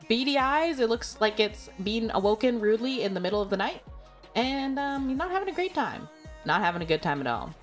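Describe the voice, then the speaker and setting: A woman streamer chatting casually with viewers, giggling often and filling her talk with "like" and "you know.". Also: medium pitch. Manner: chatty and giggly, full of filler words. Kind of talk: casual chat.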